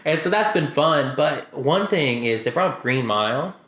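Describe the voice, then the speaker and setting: A man co-hosting a podcast in casual chat, telling stories with lively acted-out quotes. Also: normal speed, echoey room. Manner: animated storytelling, acts out quotes with big pitch jumps. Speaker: podcast co-host.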